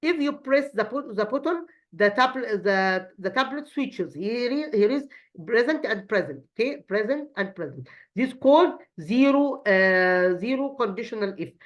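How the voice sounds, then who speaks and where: Halting woman teaching English. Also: on the high side, animated. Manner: halting, many fillers and restarts. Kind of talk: explaining a grammar lesson. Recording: slightly muffled lo-fi sound.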